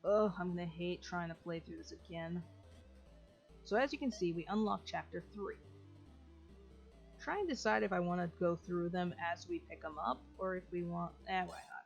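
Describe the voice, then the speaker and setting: A woman hosts a let's play, chatting casually and walking viewers through each step. Her voice sits fairly low. The recording is dull and lo-fi, with faint game music underneath. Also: moderate pace, gravelly. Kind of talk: casual gameplay commentary.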